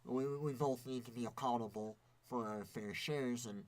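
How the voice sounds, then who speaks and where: A man's voice: mid-range voice, moderate pace. A man chatting casually on a podcast, rambling with many restarts and fillers. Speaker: podcast co-host. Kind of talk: casual chat. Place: indoor podcast recording.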